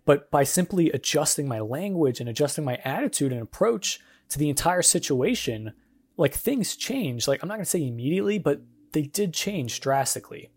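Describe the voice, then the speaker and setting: A man's voice: a little high, very animated, moderate pace. Earnest man hosting a faith podcast. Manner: earnest, encouraging, conversational. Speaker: podcast host. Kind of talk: casual devotional podcast monologue.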